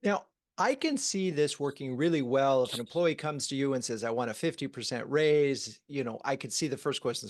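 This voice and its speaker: A man's voice: mid-range voice, animated, brisk, hardly any pauses, dry recording, clean studio sound. A man hosting the talk, laying out a scenario in a conversational way with a few fillers. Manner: conversational, asks with a worked example, some fillers. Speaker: host. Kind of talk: casual chat.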